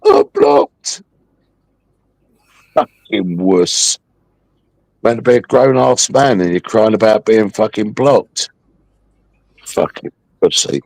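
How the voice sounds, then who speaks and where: A man's voice: lowish voice, takes it slowly, gravelly, pauses often, a little mellow, no echo. A man hosting a livestream, taunting a viewer in a mocking, aggressive rant full of swearing. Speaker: livestream host.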